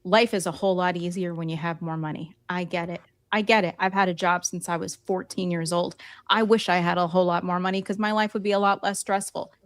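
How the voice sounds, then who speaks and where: A woman's voice: lowish voice, steady tone, fairly quick, no echo. A woman co-hosting a political podcast, speaking emphatically and repeating phrases for stress. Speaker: podcast co-host. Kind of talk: casual political podcast talk.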